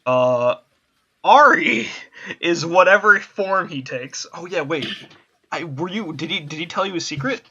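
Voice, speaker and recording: A man's voice: a little high, lively intonation, measured pace, sharp tone, slightly rough, lo-fi sound. A man narrating as game master for a tabletop game, talking hesitantly with many fillers.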